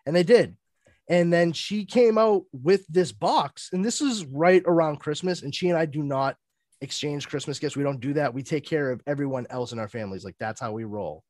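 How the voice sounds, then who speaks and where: A man on a podcast telling a story in a casual, animated way, swearing freely as he goes. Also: fairly high pitch, normal speed, no room sound, studio quality. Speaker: podcast panelist.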